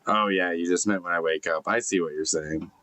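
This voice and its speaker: Here a deep-voiced man sounds pushed and bright, talking a little fast with fairly even intonation. He's live-streaming on a computer camera setup from his broken-down van in a forest snow park, answering comments in casual chat. His manner is laid-back and rambling, heavy on swearing, fillers, and restarts.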